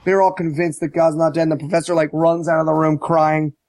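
A man's voice: on the high side, little pitch movement, fast talker, no echo. A man ranting sarcastically and profanely about a movie in a casual podcast chat, acting out quotes. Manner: sarcastic, profane, mocks quotes with shouted voices.

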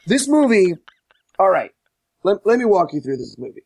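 A man casually recapping a movie on a podcast, animated and profane, mocking as he tells it. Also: sits high, normal speed, a little hiss or hum. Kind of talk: casual chat.

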